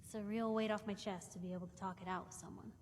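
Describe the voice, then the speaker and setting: A woman voicing a chatty, nosy young reporter who talks quickly and frankly. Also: medium pitch, steady tone, lightly acted. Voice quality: chatty, quick, self-conscious. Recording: game audio with reverb and faint hiss.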